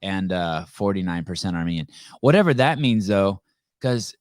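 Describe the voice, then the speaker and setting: A man's voice: low voice, animated, normal speed, no echo, clean studio sound. A man hosting a live podcast over a video call, talking bluntly and joking with a lot of profanity. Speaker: podcast host.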